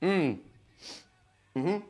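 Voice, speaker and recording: A man's voice: on the high side, expressive, extremely slow, darkish tone. A young Australian man, a streamer, chatting casually with his viewers, joking and reading the chat aloud, a bit sniffly from hay fever.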